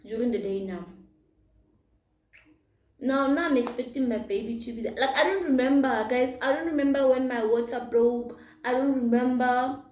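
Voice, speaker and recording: A young woman telling a personal story in a casual storytime vlog, chatty and animated, mixing in Setswana phrases. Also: high voice. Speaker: vlogger. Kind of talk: storytime vlog while eating. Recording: echoey room.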